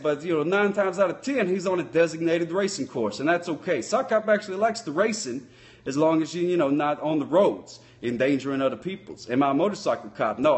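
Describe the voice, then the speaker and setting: Folksy, speeder-obsessed male sock-puppet cop, voiced by a man, pitched a bit high, rambling in a comic live-stream chat. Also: close to an everyday voice. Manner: folksy, rambling, loose grammar.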